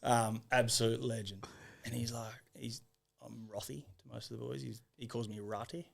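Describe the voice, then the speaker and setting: A gravelly-voiced young Australian man with an Australian accent, chatting as a podcast guest. He talks in a relaxed, easygoing way and tells his stories with frequent laughs. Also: mid-range voice, moderate pace. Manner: relaxed, laughs often, laid-back storytelling. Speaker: podcast guest, former footballer. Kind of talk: casual interview chat.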